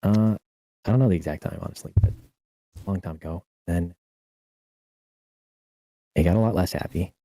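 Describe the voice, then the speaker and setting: A man on a recorded voice call, talking quietly and hesitantly in a mumble, with his mic cutting out. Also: deep voice, normal speed, long pauses, dry recording, low-quality recording. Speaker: streamer on a call. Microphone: voice-call microphone cutting out.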